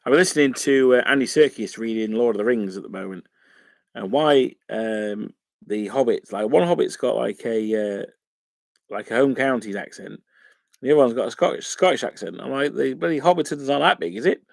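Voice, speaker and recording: Chatty man with a gravelly voice. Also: mid-range voice, normal speed, no echo. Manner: rambling and chatty, many fillers. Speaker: wargaming channel host. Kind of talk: casual live-stream chat while painting miniatures.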